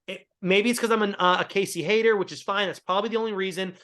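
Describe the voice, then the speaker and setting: A man's voice: high voice, fairly even intonation, fast, hardly any pauses, bright, forceful tone. A man co-hosting a casual TV recap chat, talking in a rambling, opinionated way. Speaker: co-host.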